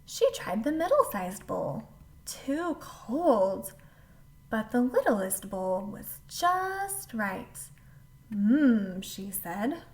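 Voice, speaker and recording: A woman reading a picture book aloud to a child, with animated delivery and asides to the listener. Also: on the high side, takes it slowly, few pauses. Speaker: storyteller.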